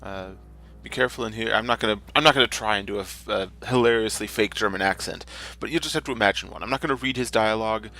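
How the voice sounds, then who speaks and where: A man's voice: lowish voice, fast, hardly any pauses, pushed and bright. A man narrating his gameplay in a casual, rambling, jokey way, often correcting himself mid-sentence. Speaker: gamer, channel host. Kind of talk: casual let's-play commentary.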